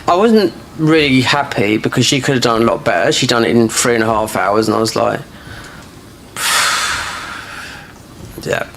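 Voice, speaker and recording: Gravelly South London man chatting while gaming. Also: medium pitch, a bit bright, a little hiss or hum. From London, England. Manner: rambling, gossipy, full of restarts and "you know". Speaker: gaming streamer. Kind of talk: casual chat while playing a game.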